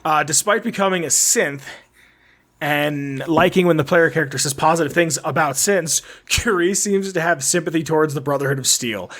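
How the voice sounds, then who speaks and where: A man's voice: fairly high pitch, moderate pace, fairly bright tone. A young man co-hosting a casual podcast, reading out game trivia in a rambling way and laughing at his own slips. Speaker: podcast co-host. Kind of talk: casual chat.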